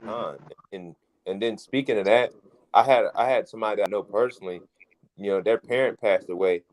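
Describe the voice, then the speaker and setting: Low voiced guy telling a story, takes his time, kinda rambles. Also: a little mellow, poor audio. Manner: unhurried, rambling, restarts phrases. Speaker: street preacher in group discussion. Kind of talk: casual storytelling.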